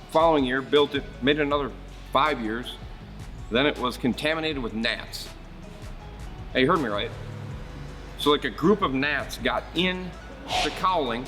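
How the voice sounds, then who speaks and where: This is a man with an ordinary, mid-pitched voice, holding forth in easygoing shop talk. He rambles from one story to the next, speaks bluntly and curses without a second thought. A bit of music sits faintly in the background. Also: sharp tone. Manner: blunt, rambling storyteller who swears freely. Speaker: marine service shop host.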